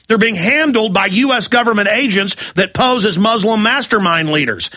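Angry and ranting, a male talk radio host fires rapid rhetorical questions in a high-sitting, sharp voice with lively intonation, making for a heated on-air rant.

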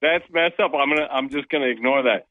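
A man's voice: medium pitch, fast talker, no room sound. A man calling into a talk show, chatting casually and joking. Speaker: caller. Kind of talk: casual call-in chat. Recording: dull phone-line call audio.

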